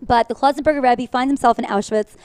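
Fast-talking woman teaching a class. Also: on the high side, steady tone, a little mellow, clean tone, dry recording. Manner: fast-talking, apologizes for speaking quickly; earnest, uses many fillers. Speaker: Torah teacher. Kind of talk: class lecture with storytelling.

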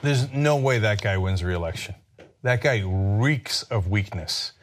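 A man's voice: fairly low pitch, lively intonation, measured pace, slight background noise. A man hosting political commentary, combative and sarcastic in a heated way. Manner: combative and sarcastic, mocking voices.

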